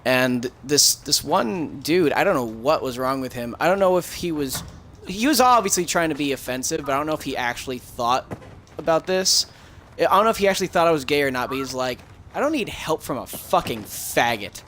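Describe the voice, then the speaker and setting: A man's voice: a little high, lively intonation, fairly quick, fairly bright tone, slight background noise. A young man chatting casually while streaming a game, telling a rambling story with frequent laughs and swearing. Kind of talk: casual gaming chat.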